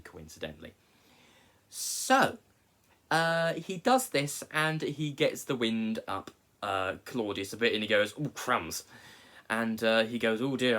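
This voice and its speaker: A man walks through a story in a relaxed, conversational way. His delivery is casual, with frequent joking asides. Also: medium pitch. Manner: chatty, jokey asides. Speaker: teacher. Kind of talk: casual explainer.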